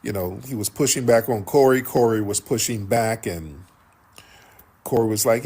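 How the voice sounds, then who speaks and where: A man's voice: on the low side, moderate pace, a little mellow, husky. A man telling a story casually in a played clip, animatedly acting out what others said. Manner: retells a confrontation, acting out quotes animatedly.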